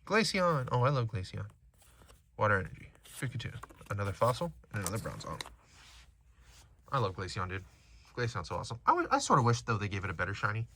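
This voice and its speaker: A man with a bright, forceful voice rattles through card names and stats, his pitch bouncing all over. He sounds like a casual home video, with faint noise in the background. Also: fast, pauses often. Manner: animated, reads card names and stats aloud. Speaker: card-opening YouTuber. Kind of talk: casual card-opening commentary.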